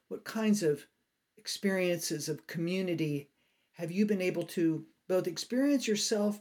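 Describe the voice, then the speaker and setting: A podcast host asking a guest long, measured questions. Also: medium pitch, a little mellow. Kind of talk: interview questions.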